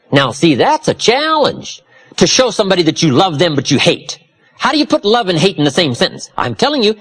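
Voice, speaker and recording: Male motivational speaker, husky, very animated pitch, preacherly emphasis. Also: moderate pace. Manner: preacherly, dramatic swings from low confiding to loud emphatic. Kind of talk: motivational seminar talk.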